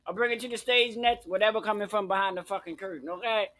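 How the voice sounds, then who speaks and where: A man hosts a live online chat with a high, bright voice. He is camp and brash, firing off profane teasing at his guests. The sound comes through a home webcam. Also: fast. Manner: camp, profane, teasing, heavy on "bitch" and "honey". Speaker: host of a live online talk show.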